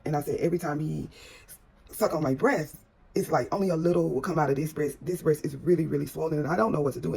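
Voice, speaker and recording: A woman's voice: fairly low pitch, gravelly, a little mellow, breathy edge. A woman telling a personal story in a casual, rambling way. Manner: rambling with many restarts.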